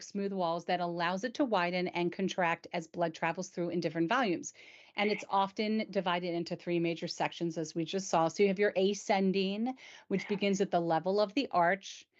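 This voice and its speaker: A woman hosting a casual explainer chat, enthusiastic and chatty, sometimes tripping over medical terms. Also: on the low side. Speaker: host. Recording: dull lo-fi sound.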